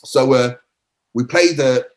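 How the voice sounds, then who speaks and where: A man's voice: medium pitch, takes it slowly. A middle-aged man, a former footballer telling rambling anecdotes in a podcast interview, often restarting and acting out quotes.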